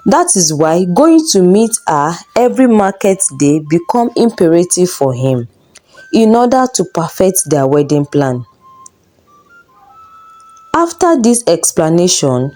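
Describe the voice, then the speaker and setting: Woman storyteller doing a folk tale, lively up and down, dark warm voice. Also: on the low side. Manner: expressive, dramatic storytelling. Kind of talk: folktale narration.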